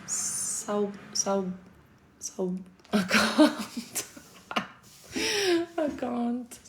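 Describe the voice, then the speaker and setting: Slow, gravelly South African woman. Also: a little high, sing-song, heavy background noise. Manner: laid-back, laughs often, casual swearing. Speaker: livestreamer answering chat. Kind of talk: casual livestream chat.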